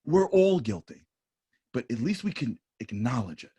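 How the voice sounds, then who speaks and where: Panel speaker, male, husky, lively pitch, emphatic. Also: normal speed. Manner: animated, emphatic, drops to soft asides. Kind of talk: impassioned panel talk.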